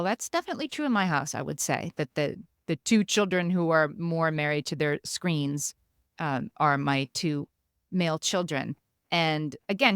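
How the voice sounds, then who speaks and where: A woman hosting a podcast, asking an author guest measured, thoughtful questions. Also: deep voice, fairly bright tone, clean tone, no room sound, clean studio sound. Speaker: podcast host. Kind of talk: podcast interview.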